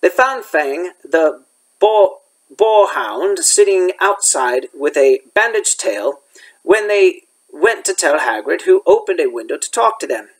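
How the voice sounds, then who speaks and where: Male teacher, children's novel read-aloud, expressive. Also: high-pitched, measured pace, low-quality recording. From United States. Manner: expressive storyteller.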